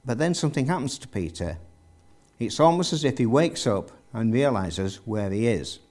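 Guy giving a sermon, tells the story, asks the crowd questions, normal pitch. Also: expressive, moderate pace, darkish tone. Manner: storytelling, rhetorical questions to the congregation. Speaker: preacher.

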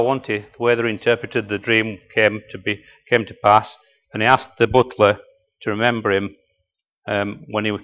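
A man's voice: lowish voice, fairly bright tone. A man preaching a sermon and often asking the congregation questions. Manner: conversational, asks the congregation questions.

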